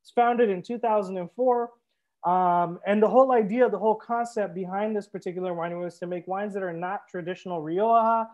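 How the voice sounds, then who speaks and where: A young sommelier hosts a live wine tasting, chatting casually and upbeat while speaking straight to his viewers. His voice sits high with a darkish tone and moves a little fast, and the recording sounds muffled.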